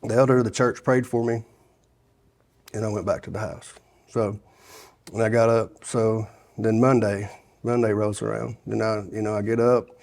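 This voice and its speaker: A man recounts his past in a relaxed interview, speaking in a slightly low voice. He circles back and restarts his sentences often, filling the gaps with "you know" and acting out what others told him. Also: normal speed, creaky, pauses often. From Sevier County, Tennessee. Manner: rambling with many restarts and fillers, quoting others. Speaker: guest sharing his testimony. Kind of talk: casual storytelling interview.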